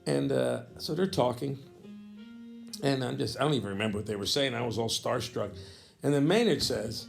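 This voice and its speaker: A man in his fifties with a gravelly, middle-pitched voice recounts a backstage memory. He rambles, restarts and clears his throat, sounding animated and casual. Faint guitar plays underneath. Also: fairly quick. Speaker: jazz saxophonist recounting a memory. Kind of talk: casual spoken storytelling.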